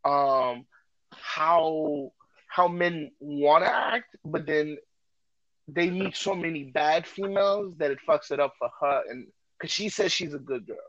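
A man co-hosting a podcast, talking loudly and joking in a casual, animated way. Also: a little high, slow, no echo, lo-fi sound. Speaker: podcast co-host.

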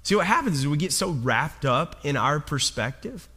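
Here a pastor's voice sits fairly high, swinging widely in pitch, sharp in tone with a breathy edge, at a moderate pace. He tells his congregation a personal story straight on, stumbling into restarts and repeated words.

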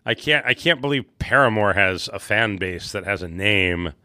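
Man, casual quiz player, animated pitch, bright tone, dry room. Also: moderate pace, dry recording. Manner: hedging, starts with "I would assume". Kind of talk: casual group quiz chat.

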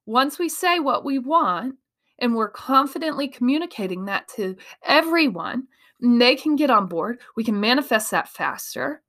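A woman's voice: a little high, normal speed. A woman from Iowa giving an emphatic motivational talk as a speaker and coach. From Iowa, USA. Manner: animated, emphatic, acts out quoted voices.

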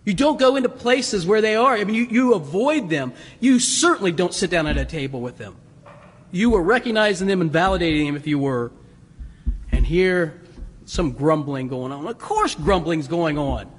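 A man preaching a sermon, animated and chuckling, acting out voices in the story. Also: sits high, moderate pace, long reverb tail, a little hiss or hum. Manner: animated, laughs often, acts out voices. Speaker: pastor.

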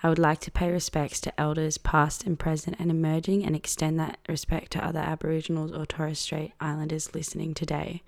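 A woman speaks in a measured, solemn way. Her voice is flat and gravelly, with very little rise and fall. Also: low voice. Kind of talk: formal spoken acknowledgement.

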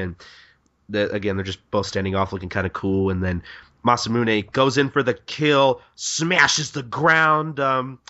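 A man's voice: fairly low pitch, steady tone, unhurried, pushed and bright, dull audio. A man co-hosting a podcast, recapping a manga in casual chat, often stammering and repeating words. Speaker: podcast co-host.

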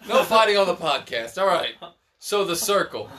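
A man's voice: high-pitched, very animated, normal speed, bright, forceful tone. A young man hosting a casual podcast, rambling and swearing freely as he explains things. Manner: profane, rambling, laid-back. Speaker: podcast host.

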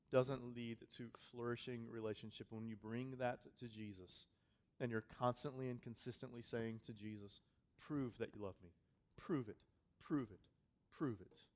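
A pastor preaching a sermon to his congregation, talking conversationally and repeating phrases for emphasis, swinging from loud to quiet. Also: mid-range voice. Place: church hall with a congregation.

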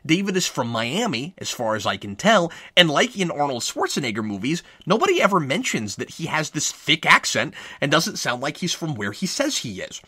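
A man's voice: fairly high pitch, very animated, normal speed, few pauses, bright, forceful tone, slightly rough, dry recording. A man reading a scripted movie review in a wry, sarcastic manner, close to the mic.

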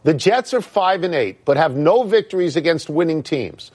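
An older man in his seventies co-hosting a sports talk show, animated, jumping in and repeating words for emphasis. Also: fairly high pitch, moderate pace, breathy edge. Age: 70s. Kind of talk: sports debate.

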